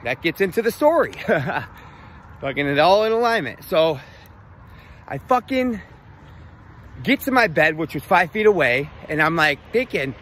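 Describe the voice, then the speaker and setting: A man with a notably high voice tells a long personal story in a rambling, profane, animated way. Faint street and car noise hums behind him. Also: moderate pace. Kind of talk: casual storytelling.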